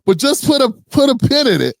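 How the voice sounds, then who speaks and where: A man's voice: very high voice, big pitch swings, a little fast, creaky, no room sound. A man hosting a reaction commentary show, blunt and sarcastic, talking straight to his viewers. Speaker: commentary host.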